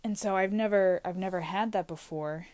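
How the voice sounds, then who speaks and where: A woman in her twenties records a casual confessional vlog from inside a small closet, speaking anxiously to camera. Her mid-range, slightly mellow voice moves at a normal speed as she rambles and questions herself.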